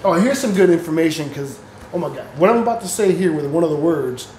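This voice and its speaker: A man's voice: fairly high pitch, expressive, quick pace, a little mellow, roomy sound, a little hiss or hum, poor audio. A man talking in a casual, rambling spiritual monologue, swearing freely and laughing often as he talks. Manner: rambling, profane, laughs often, reads passages aloud. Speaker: spiritual vlogger.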